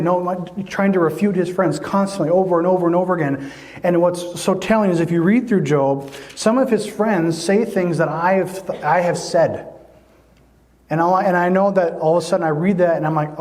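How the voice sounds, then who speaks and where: Pastor, male, slightly higher voice, earnest sermon delivery with restarts. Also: moderate pace, a little mellow. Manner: earnest, repeats words when searching for them.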